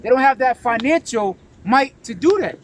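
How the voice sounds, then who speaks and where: A man's voice: very high voice, lively intonation, moderate pace, poor audio. A man preaching during a scripture discussion, emphatic, often asking "right?" and tagging "man" onto his lines. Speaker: religious teacher.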